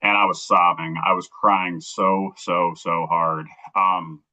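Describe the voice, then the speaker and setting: A man's voice: low voice, level tone, takes it slowly, pushed and bright, low-quality recording. A middle-aged man, an interview guest, earnestly telling a personal story on a livestream and acting out remembered dialogue.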